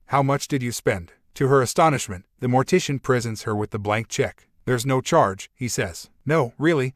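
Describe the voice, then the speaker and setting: A man's voice: mid-range voice, dry recording. Man reading jokes in a dry studio. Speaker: joke narrator. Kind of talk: scripted joke narration.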